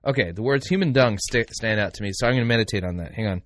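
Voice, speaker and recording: A man's voice: fairly low pitch, fast talker, a bit bright, no echo, studio quality. A man hosting a commentary show, talking to listeners in a sarcastic, mocking way with lots of asides. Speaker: podcast host. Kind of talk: critical commentary.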